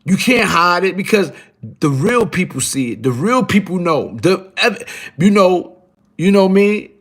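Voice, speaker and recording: A man's voice: sits high, big pitch swings, unhurried, fairly bright tone. A middle-aged man talking casually on a live stream, rambling and repeating himself in profane street slang. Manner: rambling, repetitive, streetwise slang, frequent "you heard?"; profane and emphatic. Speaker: guest on a live show.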